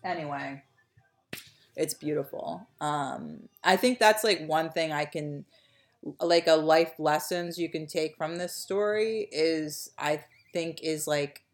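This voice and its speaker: A young woman co-hosting a casual podcast chat, rambling with lots of fillers and trailing off softly. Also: sits low, takes it slowly. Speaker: podcast co-host.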